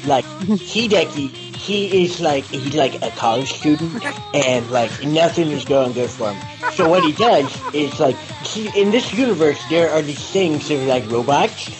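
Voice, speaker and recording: A man's voice: a little high, lively intonation, a little slow, over music, poor audio. A man hosting a casual podcast, rambling through a story with lots of "like" and "uh". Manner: rambling, heavy use of "like". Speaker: podcast host presenting the topic.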